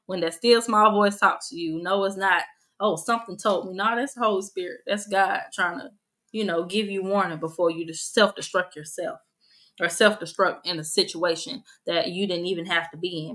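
A woman's voice: on the low side, fairly even intonation, normal speed, fairly bright tone, poor audio. A young woman hosting a casual faith podcast, talking in an earnest, conversational way that leans toward a sermon. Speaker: podcast host.

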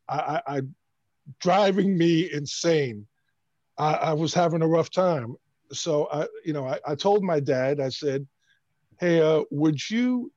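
A man from Brooklyn, a bass player, tells a story casually and with energy, often restarting his sentences. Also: dry recording, lo-fi sound. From Brooklyn, New York. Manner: animated, stammering restarts.

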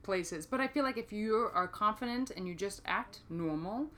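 A woman's voice: medium pitch, expressive, moderate pace. An American woman in casual chat, often affirming and telling her own travel stories. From United States. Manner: warm agreeing listener with frequent affirmations and laughs.

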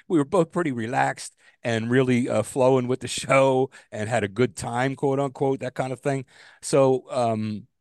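A man co-hosting a casual podcast chat, telling stories with animation, his voice jumping high when he gets exasperated, and swearing freely. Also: a little slow, no echo, studio quality. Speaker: podcast co-host.

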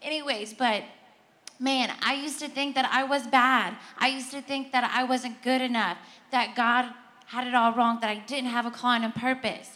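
A woman's voice: fairly high pitch, steady tone, normal speed, sharp tone. A woman giving an emotional testimony on a church stage, earnest and tearful, often apologizing. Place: church stage before a congregation.

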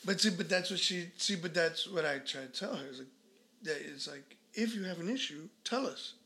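High, gravelly laid-back man. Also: expressive, normal speed, pushed and bright. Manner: laid-back, easygoing agreement. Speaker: podcast co-host, father. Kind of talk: casual chat.

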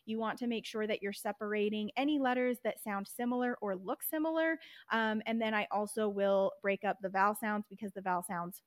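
A woman's voice: medium pitch, a little fast, hardly any pauses, no echo. A woman hosting a podcast and teaching reading, explaining step by step and modelling letter sounds. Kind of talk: instructional explanation.

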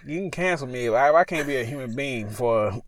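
Rambling man with a lively, bouncing voice. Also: mid-range voice, fairly quick, no echo, studio quality. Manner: rambling and animated, stops to correct himself. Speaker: podcast co-host telling a scary story. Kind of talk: casual storytelling chat. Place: parked car.

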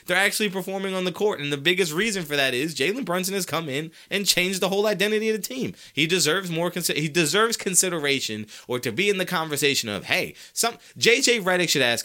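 This is a man hosting a solo sports talk show, his voice bright with a forward edge. His pitch swings widely as he makes his case. He leans on rhetorical questions and casual slang, talking straight to his listeners. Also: fast talker, few pauses. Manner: animated, argumentative, asks rhetorical questions.

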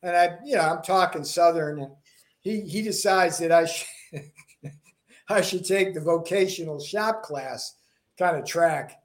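Fairly high-voiced man telling stories. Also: unhurried. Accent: slight Boston. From Florida, US. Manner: animated storyteller, many restarts and repeated words. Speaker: political guest. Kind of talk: interview conversation.

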